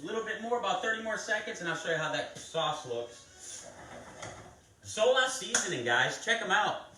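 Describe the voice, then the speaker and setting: A man's voice: high-pitched, expressive, normal speed, bright, forceful tone, slight background noise. Chatty male chef, echoey kitchen. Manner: chatty, talks viewers through each step. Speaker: chef hosting a live cooking stream. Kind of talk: casual cooking demonstration. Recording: echoey kitchen, mic at a distance.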